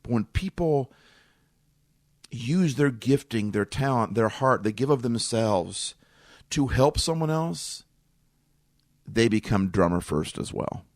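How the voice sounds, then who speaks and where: A man's voice: medium pitch, lively intonation, slow, pauses often, no echo, studio quality. A middle-aged man hosting a podcast, talking earnestly and emotionally and circling back to the same phrases. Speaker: podcast host. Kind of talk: reflective solo podcast talk. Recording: music playing underneath.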